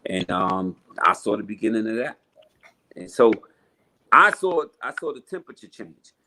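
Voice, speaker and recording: A man's voice: fairly low pitch, sing-song, moderate pace, sharp tone, poor audio. A middle-aged man, a rapper guest telling stories in a casual interview, emphatic and profane with street slang.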